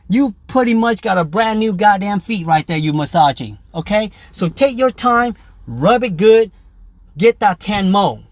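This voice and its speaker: High-pitched male nail tech with a lilt; brash, crude, chatty teacher, dry recording. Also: no room sound. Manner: brash, joking, profane, keeps saying "y'all" and "okay". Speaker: nail technician teaching pedicure. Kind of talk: casual tutorial talk to camera.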